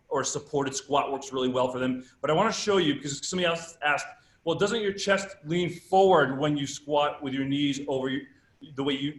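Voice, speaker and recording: A man's voice: mid-range voice, fairly bright tone. A man giving a live fitness workshop lecture, speaking emphatically and putting rhetorical questions to his audience. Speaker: presenter at a fitness summit. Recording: echoey room.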